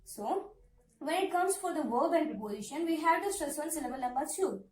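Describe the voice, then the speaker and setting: A woman teaching syllable stress, explaining step by step and repeating example words slowly. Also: sits high, animated, darkish tone. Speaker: English pronunciation teacher. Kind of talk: classroom-style lesson to camera. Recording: echoey room, somewhat far from the mic.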